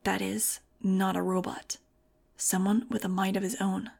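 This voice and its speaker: A quietly defiant young man from an audiobook, read by a woman. He speaks in a flat, even voice and never raises it. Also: mid-range voice, a little slow, creaky.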